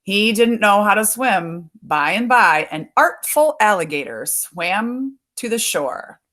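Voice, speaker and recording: A woman reading a picture book aloud as a storyteller, pausing to add explanatory asides for listeners. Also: medium pitch, animated, a bit bright.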